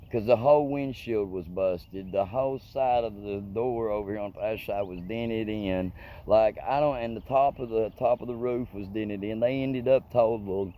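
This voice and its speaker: A man's voice: fairly low pitch, mellow. A man telling a story in a rambling, profane, colloquial way. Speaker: comedic storyteller. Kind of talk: casual storytelling monologue.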